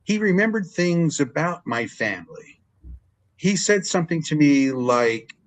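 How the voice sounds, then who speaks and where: An older man, a longtime ring announcer, telling stories in a relaxed interview and acting out what people said. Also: unhurried, low-quality recording. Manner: animated storyteller, acts out quotes with big pitch jumps. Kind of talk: storytelling interview chat.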